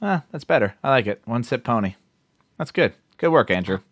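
A man's voice: mid-range voice, animated, a little fast, fairly bright tone, no room sound, studio quality. A man co-hosting a casual podcast, joking loosely and swearing as he chats. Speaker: podcast co-host.

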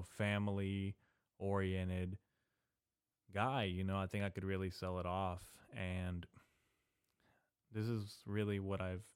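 A young man hosting a casual solo podcast, rambling and swearing, drifting between mumbled asides and loud venting into a desk microphone. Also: low-pitched, smooth, dry recording, studio quality. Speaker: podcast host. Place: small indoor room.

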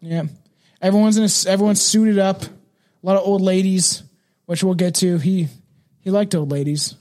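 A young man with a notably high, light voice chats through a true-crime podcast. He is casual and profane, leaning on fillers, and trips over words when reading his notes aloud. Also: fairly even intonation, normal speed, darkish tone. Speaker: podcast co-host leading the episode.

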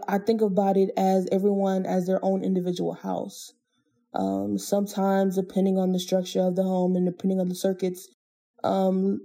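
A woman's voice: medium pitch, warm tone. A woman hosting her own podcast, talking alone in an earnest, motivational way with casual slang. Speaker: podcast host. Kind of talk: reflective solo podcast talk.

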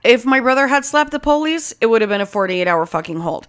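Profane, animated woman telling a story. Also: on the high side, quick pace. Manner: heavy swearing, animated storytelling. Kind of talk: casual chat.

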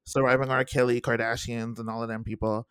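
A young man co-hosting a casual podcast chat, animated and acting out quotes in high voices. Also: brisk, clear, resonant tone, no room sound, studio quality. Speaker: podcast co-host. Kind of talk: casual chat reviewing a TV series.

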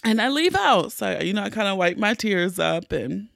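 Tearful woman with a gravelly voice. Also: medium pitch, animated, normal speed, fairly bright tone, dry recording, clean studio sound. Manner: emotional, candid, many fillers and restarts. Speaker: podcast host. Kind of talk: personal storytelling.

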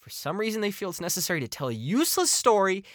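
A man's voice: high voice, sing-song, fast talker, fairly bright tone, no echo, studio quality. A man hosting a podcast and giving a casual album review. He talks bluntly and swears a lot, and his exasperation comes out in repeated complaints. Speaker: podcast host.

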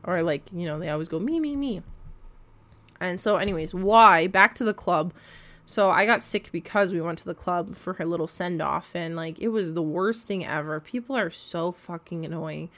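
A young woman telling a casual storytime rant about her coworkers, exasperated and animated, swearing freely and full of likes and fillers. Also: lowish voice, normal speed. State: recovering from a cold. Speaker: vlogger.

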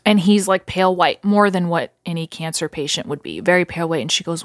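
A woman's voice: on the low side, a little fast, hardly any pauses, no room sound, clean studio sound. A woman hosting a podcast, casually telling a ghost story in a rambling way with lots of fillers and restarts. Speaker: podcast host.

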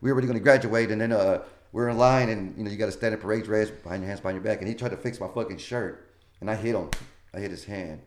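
A man's voice: on the low side, fast. A male comedian being interviewed, telling long profane stories in a casual, rambling way. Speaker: comedian guest.

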